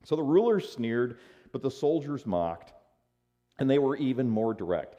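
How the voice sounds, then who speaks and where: A man preaching a sermon as a pastor, in an animated, conversational way. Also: medium pitch, moderate pace.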